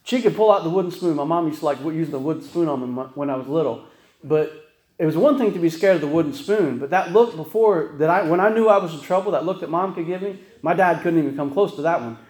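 A male pastor preaches in a loose, storytelling way, often checking in with his listeners. His voice sits a little high for a man. The room rings around him like a church sanctuary. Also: fast talker, darkish tone, roomy sound, rough recording. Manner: folksy storytelling, frequent "right?" asides. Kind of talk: conversational sermon.

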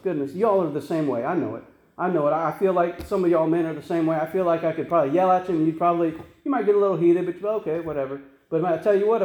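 A man's voice: on the high side, a little mellow, reverberant. A man preaching a sermon as pastor, earnest and conversational, with frequent restarts and tag questions.

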